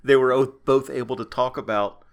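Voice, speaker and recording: A man co-hosting a podcast, calmly adding facts and affirming his co-host in casual chat. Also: medium pitch, fairly quick, a crowd in the background. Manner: calm, adds facts and short affirmations. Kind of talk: casual chat recapping a convention.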